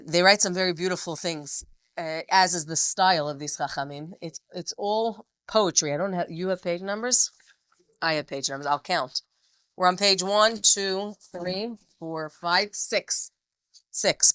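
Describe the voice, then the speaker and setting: A woman's voice: on the low side, a little slow, a bit bright, clear, resonant tone, no echo. A woman teaching a text study class, reading passages aloud with feeling and then explaining them.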